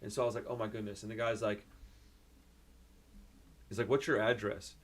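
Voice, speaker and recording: Young man, lowish voice, excitable, rambling vlog storytelling. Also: normal speed. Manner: excitable, rambling, frequent fillers and restarts. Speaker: vlogger.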